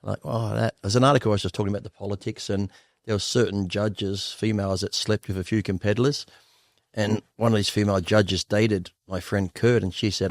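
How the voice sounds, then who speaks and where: Blunt, fast-talking Australian man. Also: fairly low pitch, fairly even intonation, gravelly, no room sound, clean studio sound. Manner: blunt, profane, laughs often. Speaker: guest bodybuilder. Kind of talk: candid storytelling interview.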